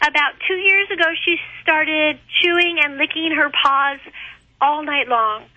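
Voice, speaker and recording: High, bright woman caller, halting. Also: steady tone, no echo, rough recording. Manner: hesitant, with many ums. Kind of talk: phone-in question.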